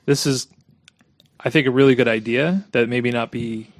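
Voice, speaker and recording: A man co-hosting a casual game podcast, talking hesitantly and trailing off quietly. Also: medium pitch, normal speed, dry recording. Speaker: podcast co-host. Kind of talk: casual gaming chat.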